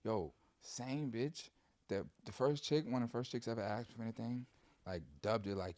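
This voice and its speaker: A man's voice: fairly low pitch, fairly quick, a little mellow, dry recording. A young man in casual livestream banter, laid-back and teasing, explaining his views at length.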